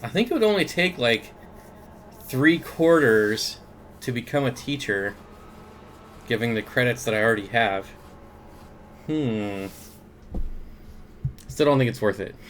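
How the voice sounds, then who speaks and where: A man's voice: mid-range voice, lively intonation, measured pace, long pauses, fairly bright tone, slight background noise. A young man hosting a casual aquarium livestream, greeting viewers by name and reading their comments with frequent chuckles. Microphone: desk mic.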